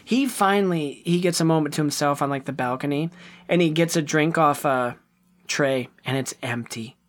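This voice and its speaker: A man co-hosting a podcast in casual chat, animated and acting out scenes. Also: on the high side, normal speed. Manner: animated, acts out scenes in voices. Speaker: podcast co-host.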